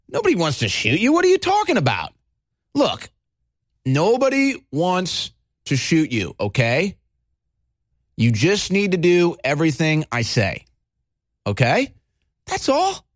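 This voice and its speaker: A man's voice: no echo, clean studio sound, heavily acted. A man voicing a condescending male bully who talks with mob-boss menace, repeating himself in a patronizing way. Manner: repetitive, patronizing, swooping pitch.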